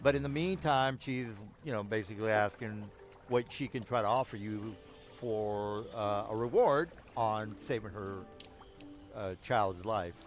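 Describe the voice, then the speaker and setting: A man's voice: fairly low pitch, a little slow, soft background music. A man narrating a tabletop game as game master, stalling often with fillers and restarting his sentences. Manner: hesitant, full of fillers and restarts.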